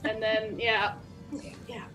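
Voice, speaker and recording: A woman on a panel telling a quick, giggly story about her work. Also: on the high side, flat delivery, over loud music. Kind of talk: casual panel chat.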